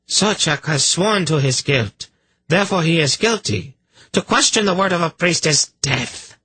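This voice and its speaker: A man's voice: fairly high pitch, animated, a little slow, pushed and bright, breathy edge, voice pushed up, heavily acted. A man voicing a cruel, scheming priestess with a throaty, purring voice and a smug, haughty manner.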